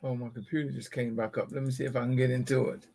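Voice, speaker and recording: A man's voice: medium pitch, flat delivery, quick pace, gravelly, warm tone. A man hosting a live-streamed political talk, speaking emphatically to his viewers, often repeating words as he builds his point. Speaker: livestream show host.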